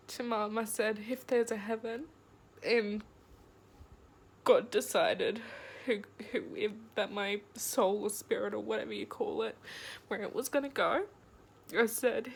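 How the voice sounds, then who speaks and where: A young woman telling a personal story in a diary vlog, speaking in a halting, emotional way with pauses, close to tears. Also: on the high side, vocal fry, breathy edge. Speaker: vlogger.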